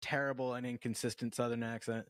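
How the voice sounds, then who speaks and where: Male podcast co-host, mid-pitched, rambling casual review talk, dry close sound. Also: flat delivery, fast talker, dry recording. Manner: rambling, full of fillers and restarts, swears. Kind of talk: casual movie review chat.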